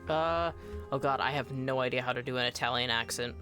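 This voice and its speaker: A game streamer chatting casually during live gameplay, excitable and gushing, often trailing off and restarting. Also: mid-range voice, fairly quick, soft background music.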